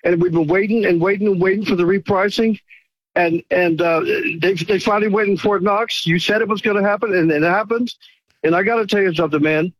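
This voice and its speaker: A middle-aged man calls in to a show, gushing with thanks and rambling from one thought to the next. His voice is high for a man. The sound is dry and close, with no echo. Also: fairly quick. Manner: effusive, grateful, rambling. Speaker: caller. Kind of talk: phone-in call.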